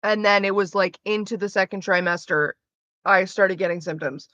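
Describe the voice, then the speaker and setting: Young woman, candid streamer chat, sharp bright tone, curses a lot; dry, slightly muffled close mic. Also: medium pitch, normal speed, no room sound. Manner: blunt, profane and animated.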